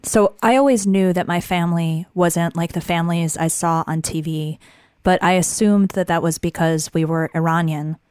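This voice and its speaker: A woman's voice: low-pitched, a little mellow, clear, resonant tone, no room sound, studio quality. A woman in her thirties giving scripted narration in a wry, confiding way.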